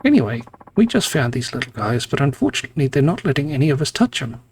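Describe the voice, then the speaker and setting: A man voicing a gentle homeless man in a video game who is trying to help stray cats, his pitch raised. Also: very animated, quick pace, husky. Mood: coaxing. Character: kindly soft-hearted homeless man caring for cats.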